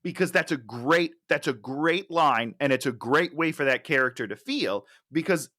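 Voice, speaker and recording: Male podcast co-host, exasperated and mocking, bright voice with animated pitch. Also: moderate pace. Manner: sarcastic, exasperated critic. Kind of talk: casual film chat.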